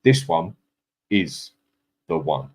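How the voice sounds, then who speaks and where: A man's voice: deep voice, sing-song, slow, creaky, a little mellow, husky. A man hosting a casual live stream, chatting in a matey way and reading out viewers' comments. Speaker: livestream host.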